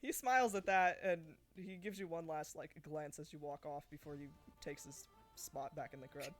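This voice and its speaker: A man's voice: fairly high pitch, moderate pace, faint music behind. Upbeat man running a tabletop game. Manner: relaxed, enthusiastic narration with many fillers. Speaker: game master.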